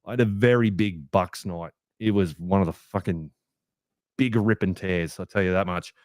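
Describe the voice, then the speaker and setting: A young Australian man hosting a fan podcast, ranting heatedly with plenty of swearing, a little rough from a hangover. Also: sits low, normal speed, no room sound, clean studio sound. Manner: heated, sweary rant with lively swings. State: hungover, rough voice. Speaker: podcast host. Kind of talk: fan podcast match review.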